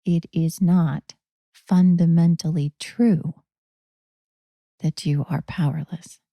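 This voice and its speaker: A woman hosting a spiritual talk, telling a guided story slowly and often dropping into a whisper. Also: sits low, fairly even intonation, vocal fry, no echo, lo-fi sound. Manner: slow, drifting into whispers. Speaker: host.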